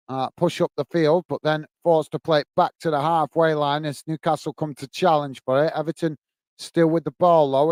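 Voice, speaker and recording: Man, high voice, smooth clean tone, live match play-by-play, friendly chat with viewers, dry close sound. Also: darkish tone, no echo. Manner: friendly, chatty play-by-play, calls viewers mate. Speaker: host of a football watch-along stream.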